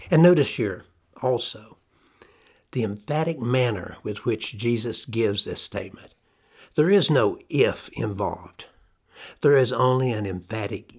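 A middle-aged man preaching a sermon, emphatic and deliberate, slowing down to stress key phrases. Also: fairly low pitch.

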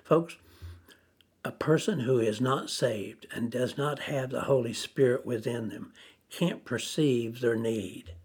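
Slow, husky-voiced man preaching. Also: medium pitch, a little mellow. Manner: slow, deliberate, repeats phrases for emphasis. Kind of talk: sermon.

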